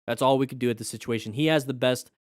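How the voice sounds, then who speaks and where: A man's voice: mid-range voice, fairly even intonation, quick pace, a little hiss or hum. A man hosting a casual live stream, chatty and joking as he explains first aid. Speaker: live-stream host reviewing crash videos.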